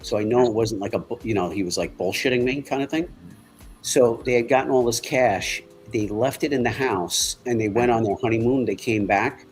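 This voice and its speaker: A middle-aged man, telling stories in a halting, rambling way in casual chat. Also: medium pitch, soft background music, rough recording. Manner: rambling, halting storyteller with many restarts. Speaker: livestream co-host.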